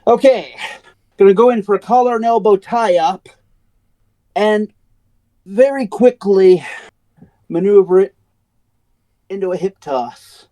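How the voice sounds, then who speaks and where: A man's voice: high-pitched, slow, pauses often, mellow. A man playing a tabletop role-playing game, eagerly describing his wrestler's moves. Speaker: player.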